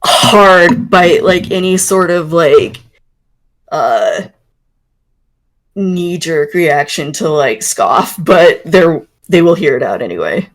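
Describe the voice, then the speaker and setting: A woman's voice: low-pitched, very animated, takes it slowly, rough recording. A woman playing a tabletop role-playing game, talking in and out of character with hesitant fillers and frequent laughs. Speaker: player. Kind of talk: tabletop role-play, mixing in-character talk and chat.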